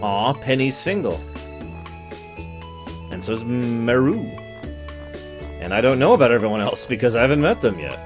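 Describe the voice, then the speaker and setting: A man's voice: mid-range voice, sing-song, normal speed, long pauses, music in the background. A man streaming a game, giving casual commentary with dry, wry asides. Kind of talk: casual let's-play commentary.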